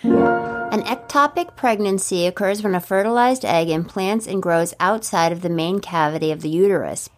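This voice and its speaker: A woman reading an informational passage aloud at a steady pace, with occasional short asides. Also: on the low side. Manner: reads steadily, with brief asides.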